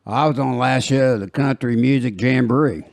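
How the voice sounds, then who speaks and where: An older man with a rural American twang hosts a podcast, rambling through jokey stories and laughing at them himself. His voice is medium in pitch, a little fast, slightly mellow, with vocal fry, recorded dry and clean in a studio.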